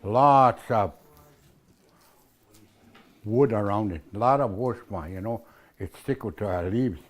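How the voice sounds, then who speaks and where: A man's voice: fairly low pitch, slow. A man teaching a language class in a casual way, repeating words and spelling them out, often asking "eh?".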